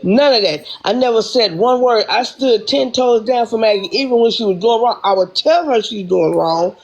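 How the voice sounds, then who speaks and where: Gravelly-voiced woman venting on a livestream. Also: on the high side, normal speed, a little mellow, low-quality recording. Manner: heated, repetitive venting. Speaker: livestream host. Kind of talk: casual livestream rant.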